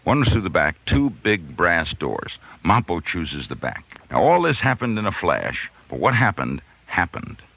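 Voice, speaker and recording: A man's voice: low voice, measured pace, vocal fry, few pauses, breathy edge, poor audio. A man, a radio host from New York, telling a long funny story and acting out the voices of the people in it. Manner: animated storyteller, acts out voices, laughs mid-story. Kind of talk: storytelling monologue.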